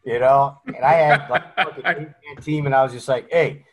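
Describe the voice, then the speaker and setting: A veteran man telling a profane anecdote in casual chat, animated and blunt. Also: mid-range voice, fairly quick. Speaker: military veteran guest.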